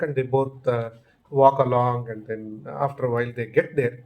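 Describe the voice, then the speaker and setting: Male host and storyteller: easygoing, unhurried delivery, fillers and restarts. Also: mid-range voice, lively intonation. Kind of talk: casual oral storytelling.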